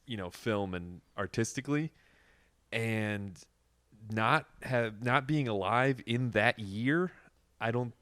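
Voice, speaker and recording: A man co-hosting a film podcast, retelling scenes in a halting way with lots of fillers. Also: medium pitch, fairly bright tone, clear, resonant tone, no room sound. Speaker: podcast co-host. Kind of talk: casual film discussion.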